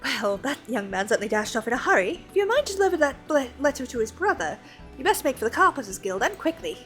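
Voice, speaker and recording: A woman plays a cheerful, gossipy townsperson in a fantasy game, speaking in a high, bright voice. Soft music plays in the background. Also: big pitch swings, fast. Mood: brisk.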